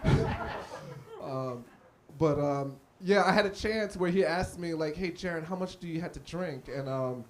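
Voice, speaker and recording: A man with a high, light voice performs stand-up live in a small cafe. He tells his stories with animation, slipping into the voices of the people in them. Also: measured pace. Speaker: stand-up comedian. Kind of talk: live stand-up comedy set. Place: small cafe comedy stage.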